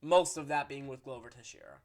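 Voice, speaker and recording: A man's voice: mid-range voice, huge pitch swings, fairly quick, a little mellow. A man hosting his own fight-prediction channel, talking casually and with strong opinions, swearing and restarting sentences as he gets fired up. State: hiccuping. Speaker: MMA prediction channel host. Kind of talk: casual solo commentary.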